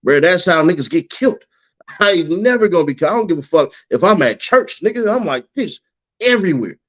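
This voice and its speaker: A man telling a story in casual chat as a guest, cursing often and acting out what people said. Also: fairly quick. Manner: profane, animated, acts out quotes in a higher voice. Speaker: guest, YouTuber. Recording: dull lo-fi sound.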